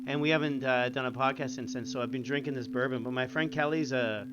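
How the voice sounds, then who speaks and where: A man's voice: mid-range voice, fairly even intonation, fast. A young man co-hosting a podcast, chatting casually in a laid-back, rambling way and swearing freely. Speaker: podcast co-host. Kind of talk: casual chat. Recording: dull sound with clear noise.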